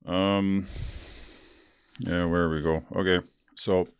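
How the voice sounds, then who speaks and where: Very deep-voiced man, candid podcast host. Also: level tone, slow pace, smooth, no echo. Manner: candid, rambling, laughs while telling stories. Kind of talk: casual solo podcast monologue.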